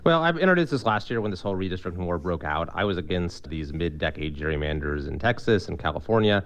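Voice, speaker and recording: A male congressman answering an interview question in a quick, assertive way. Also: deep voice, lively intonation, fairly bright tone.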